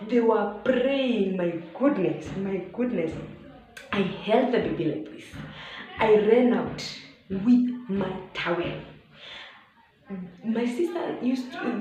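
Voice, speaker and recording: A Kenyan woman in her thirties, a vlogger telling a personal story in an animated way, acting out shouts and dropping to hushed asides, with Swahili words mixed in. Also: medium pitch. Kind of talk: storytelling vlog. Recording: very echoey room, faint background noise.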